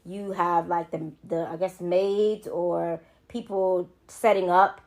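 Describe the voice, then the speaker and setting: A woman's voice: lowish voice, steady tone, slow, darkish tone. Chatty woman co-host talking to y'all. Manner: chatty, addresses listeners as y'all, playful asides. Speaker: podcast co-host. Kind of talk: casual movie recap chat.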